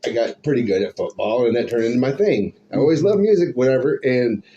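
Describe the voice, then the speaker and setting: Animated storytelling man, mellow voice. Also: mid-range voice, quick pace. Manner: animated, laughs often, acts out quoted voices. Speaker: musician guest. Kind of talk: storytelling in a casual interview. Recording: slightly dull, faint hum.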